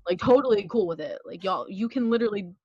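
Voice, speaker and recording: A young woman from South Philadelphia co-hosting a casual podcast, chatty and quick with lots of fillers. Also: medium pitch, animated, darkish tone, slightly rough, no room sound, muffled recording. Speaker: podcast co-host.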